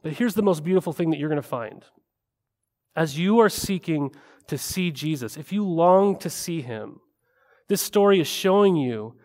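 A man's voice: on the high side, animated, normal speed, a little mellow, in a large hall. A man preaching a sermon as a pastor, talking in a conversational way and often tossing in rhetorical "right?" asides.

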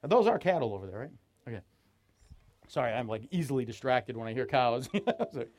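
A man preaching a sermon at a festival, animated and teasing, acting out quotes with a raised voice. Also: mid-range voice, fairly quick.

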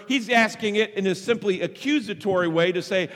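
Male pastor, slightly high voice, lively sermon delivery, big hall reverb. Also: fast talker, hardly any pauses. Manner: animated preaching, acts out quoted voices.

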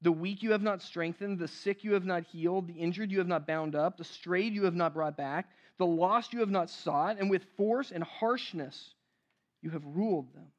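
High-voiced man preaching a sermon. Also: muffled recording. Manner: earnest, rises to emphatic then drops to hushed; slows down to stress key phrases. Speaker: pastor.

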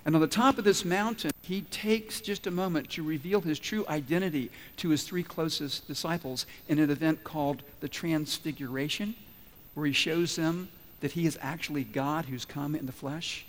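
A man's voice: a little high, normal speed. A man preaching a sermon as pastor, telling stories with acted-out quotes and asking emphatic questions. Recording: long hall reverb.

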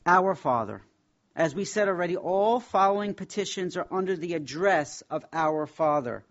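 A man teaching a Bible class, speaking in an emphatic, reverent way and slowing down to stress key words. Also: high-pitched, lively intonation, lo-fi sound.

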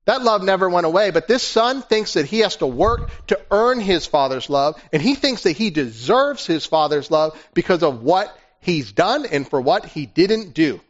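A male pastor delivers a sermon in a conversational, animated storytelling manner, his voice sitting a little high. The recording is dull and lo-fi. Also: moderate pace, hardly any pauses.

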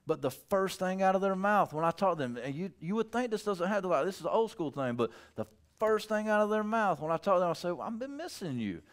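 A male pastor preaching with a very lively, animated pitch that swings up and down. He talks loosely and conversationally, and acts out the people in his stories with playful voices. His voice sits a bit higher than most men's. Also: fast. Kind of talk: sermon.

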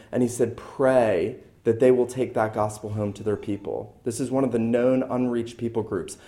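A male pastor delivering a sermon with emphatic, deliberate stress. He repeats his key lines to drive each point home, in a voice of ordinary middle pitch. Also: darkish tone.

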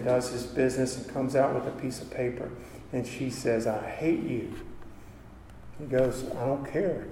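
A man's voice: medium pitch, mellow, slight background noise. A man preaching a sermon in a church, telling a story with emotion and calling for amens. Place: church hall. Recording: echoey hall from far off.

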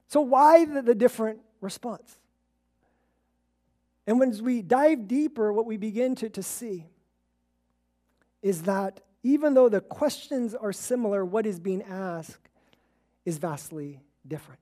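A woman preaching a relaxed, conversational sermon, telling stories and chuckling as she acts out the people in them. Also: on the high side, measured pace, pauses often. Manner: storytelling, acts out quoted voices, chuckles.

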